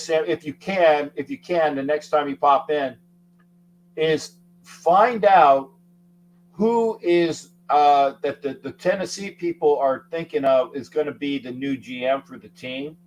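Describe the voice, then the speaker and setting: A man hosting a casual sports talk show, rambling and repeating himself, getting loud when he makes a point. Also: fairly high pitch, rough recording. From Florida. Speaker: show host.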